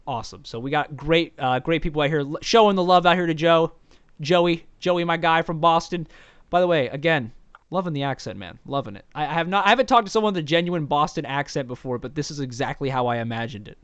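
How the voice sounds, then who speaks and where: A man's voice: fairly high pitch, quick pace, fairly bright tone, clean tone, no echo, lo-fi sound. A man co-hosting a livestream talk show, chatty and jokey as he reads out viewer comments. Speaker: podcast co-host. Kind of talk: casual livestream chat.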